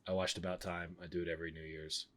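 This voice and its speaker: Low voiced dude on stream just rambling, blunt takes, keeps restarting himself. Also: male voice, flat delivery, quick pace, a bit bright. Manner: blunt, rambling, self-interrupting. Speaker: streamer reviewing films. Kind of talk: casual chat.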